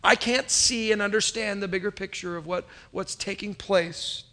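A pastor in his thirties delivers a sermon, his voice sitting noticeably high for a man. He tells stories in an animated, conversational way, dropping in asides as he goes. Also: moderate pace.

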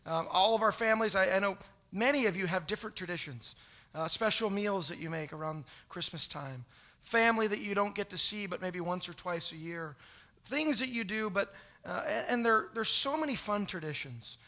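A man's voice: high voice, moderate pace, sharp tone. A man, a pastor with young sons, giving a chatty, joking Christmas Eve sermon to his congregation. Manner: chatty, joking, with many restarts.

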